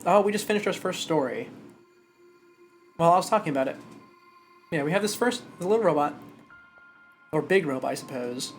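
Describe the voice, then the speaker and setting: Animated, chatty man on a stream. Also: a little high, fairly quick, long pauses, soft background music. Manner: animated and chatty, stumbles over words. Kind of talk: live stream chat and story reading.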